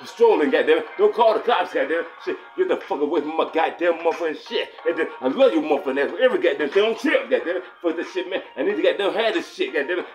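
A man's voice: a little high, close to an everyday voice. A man doing a swaggering foul-mouthed cop. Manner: rambling, swears in nearly every phrase.

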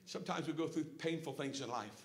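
A middle-aged man preaching a folksy sermon with personal stories, swinging from hushed asides to shouted praise. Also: fairly high pitch, a little fast. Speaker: pastor. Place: church sanctuary. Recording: echoey church room. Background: congregation calling out responses.

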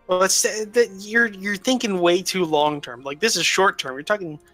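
Male host of a multiplayer game; bright, lightly high voice, loose rambling chat. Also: moderate pace, soft background music. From United States. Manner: rambling, laughing restarts. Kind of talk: casual multiplayer gaming chat.

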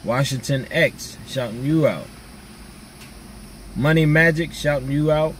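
A man's voice: on the high side, measured pace, distant mic, slight background noise. A man in casual chat with his viewers, laid-back and slangy, reading out viewer names. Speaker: vlogger.

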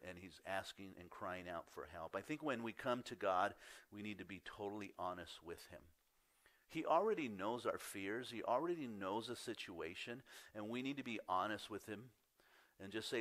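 A pastor delivering a sermon in a low-pitched male voice. He reads scripture and then shifts into candid, conversational storytelling. His voice swings up when he gets worked up and falls quiet and soft on the points he wants to stress. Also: moderate pace.

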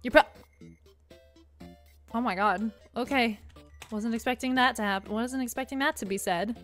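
A young woman streamer does let's play commentary, chatting, giggling and reading the game's text aloud as music plays faintly in the background. Her voice sits a little high, fairly bright, at a moderate pace.

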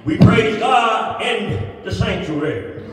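High-voiced Southern preacher shouting in a hall. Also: male voice, animated, slow pace. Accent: Southern American. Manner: builds to shouting, repeats phrases, chuckles. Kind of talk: call-and-response sermon. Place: church sanctuary. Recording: echoey church hall from far off.

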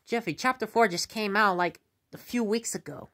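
A woman's voice: medium pitch, normal speed, a bit bright. A woman performing a puppet comedy skit in a chatty, joking way.

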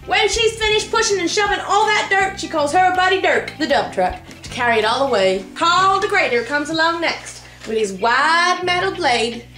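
A woman's voice: extremely high pitch, dark tone, echoey room, voice pushed up. Woman doing Big Blue Bill, a folksy drawling truck. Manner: folksy drawling put-on accent. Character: big friendly male eighteen-wheeler truck. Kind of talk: storybook read-aloud.

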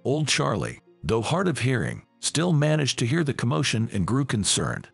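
A man narrating a scripted family story in a measured storytelling manner. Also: mid-range voice, sing-song, vocal fry, husky, soft background music.

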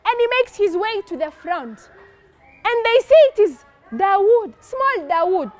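A woman narrating a religious story for children in an animated way, often asking her listeners questions. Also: extremely high pitch, measured pace.

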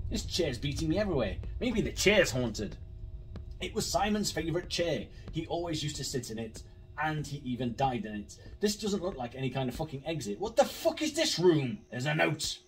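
A man talks through a horror game in a sweary, jumpy and sarcastic way. His voice sits a bit high and swings up and down a lot. He sounds a little far from the mic, with faint music underneath. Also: big pitch swings, moderate pace. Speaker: gaming YouTuber.

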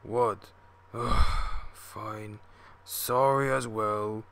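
A man's voice: medium pitch, flat delivery, a little slow, a bit bright, clear, resonant tone. A man voicing a bad-tempered male steamroller who talks in a surly growl. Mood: sulky.

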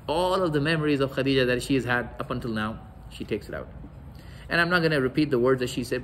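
A man's voice: mid-range voice, a little hiss or hum, poor audio. A man giving a religious lecture, telling stories and acting out the quoted dialogue. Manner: storytelling, acts out quoted dialogue.

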